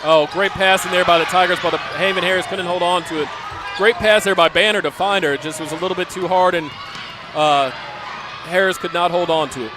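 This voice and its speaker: A man calling a high school basketball game play by play, with excited calls and chatty asides. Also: a little fast. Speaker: play-by-play announcer. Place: school gym broadcast booth. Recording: noisy gym ambience behind.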